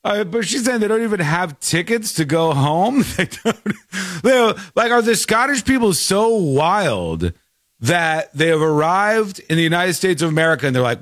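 A man hosting a show, giving jokey, animated commentary on a news clip. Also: high-pitched, moderate pace, dry recording, clean studio sound. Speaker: show host.

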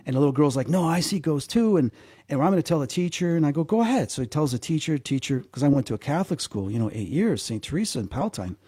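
A male guest tells his story in relaxed conversation, his medium-pitched voice mellow and a little husky. He speaks rapid-fire with animated energy, repeating words and acting out the people he quotes, in dry, close sound with no echo.

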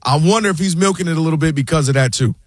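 A man's voice: on the high side, very fast, no echo, clean studio sound. A man co-hosting a sports talk show, making long, impassioned arguments and addressing his co-host by name. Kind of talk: animated sports debate.

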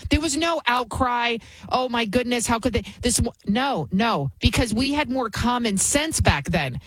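A woman's voice: fairly high pitch, animated, unhurried, no room sound, low-quality recording. A middle-aged woman hosting a talk show, giving indignant, emphatic commentary and repeating words for emphasis. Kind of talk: opinionated commentary.

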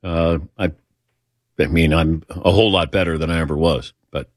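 A middle-aged man with a low voice tells a long personal story on a talk show. He rambles and acts out the quoted dialogue, recorded dry and close to the mic. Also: steady tone, normal speed, dry recording.

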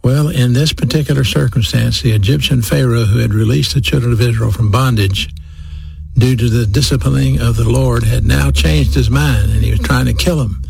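A man preaching a sermon, emphatic, slowing down to repeat key phrases. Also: medium pitch, vocal fry, crowd noise.

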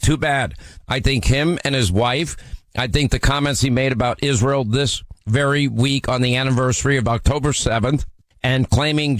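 Guy hosting a call-in radio show, brusque and mocking, dry close studio sound, middle-pitched voice. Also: no echo. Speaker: radio talk show host. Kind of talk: combative call-in radio talk.

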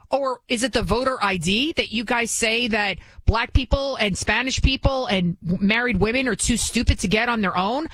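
A woman's voice: a little high, fairly bright tone, breathy edge, dry recording, rough recording. Indignant woman commentator, dry close sound. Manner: indignant, rhetorical questions, frequent restarts. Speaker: political commentary host. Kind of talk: opinion commentary. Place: New York City.

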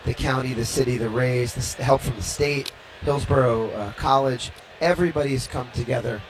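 A man's voice: mid-range voice, moderate pace, low-quality recording. A slightly winded man talking on air from a ballpark. He is upbeat and stumbles into restarts as he speaks, with faint noise behind him. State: slightly out of breath. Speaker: baseball team executive. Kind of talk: on-air interview. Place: ballpark during a game.

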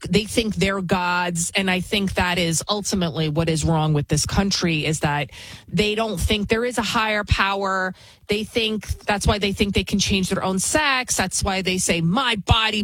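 A woman's voice: fairly low pitch, no echo, low-quality recording. A woman who works as a TV news host, talking in a blunt, opinionated and rambling way, often restarting her sentences. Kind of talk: casual spoken monologue.

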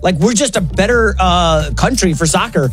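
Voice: mid-range voice, lively intonation, normal speed, fairly bright tone. A sports show co-host with a mid-range voice, talking in a chatty, conversational way as they set up each story. A faint music bed runs underneath. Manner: chatty, conversational, brings in topics. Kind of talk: casual sports talk.

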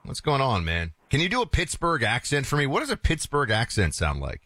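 Male talk radio host, animated intonation, playful and loose, dry studio mic. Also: medium pitch, a little fast, no room sound.

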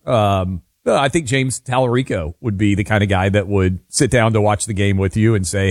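A man's voice: lowish voice, normal speed, no room sound, clean studio sound. A man from Tennessee co-hosting a talk radio show, giving opinionated, wry takes in casual banter. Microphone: studio microphone.

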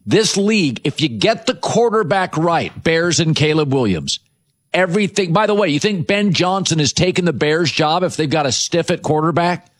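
A man hosting a sports talk show, delivering an opinionated monologue with rhetorical questions and quick asides. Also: a little high. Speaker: sports radio host.

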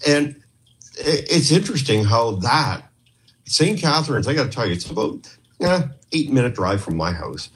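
A man's voice: medium pitch, big pitch swings, moderate pace. A man from Canada telling a story in a casual interview, rambling and acting out the dialogue he had with others. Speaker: podcast guest, former investigator.

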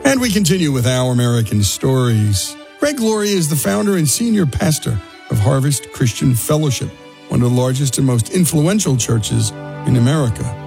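Lively gravelly radio host, a man. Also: mid-range voice, moderate pace, over music. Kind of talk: scripted radio introduction.

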